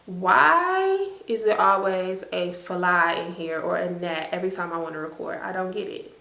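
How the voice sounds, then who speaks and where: A young woman, telling an animated, slangy storytime to her viewers. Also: fairly low pitch, moderate pace, gravelly, echoey room. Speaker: storytime vlogger. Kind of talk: casual storytime.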